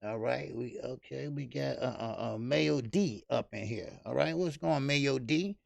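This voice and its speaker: Gravelly, profane boxing stream host. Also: male voice, medium pitch, a little slow, a little mellow, no room sound. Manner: loose, profane, rambling with many fillers. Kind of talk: casual live-stream commentary.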